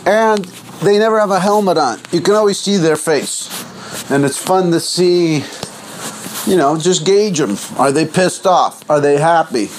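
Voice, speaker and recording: A man hosting a podcast, talking in a loose, goofy, rambling monologue with big swoops in pitch. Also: a little slow, slight background noise. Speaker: podcast host.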